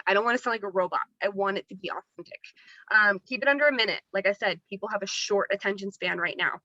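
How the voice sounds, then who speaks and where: A bright, crisp-voiced woman coaching her team over a video call, upbeat and chatty. The sound is dry and close, a little dull and lo-fi like a laptop mic. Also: mid-range voice, dry recording. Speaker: team leader training new members. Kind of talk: Zoom team training call.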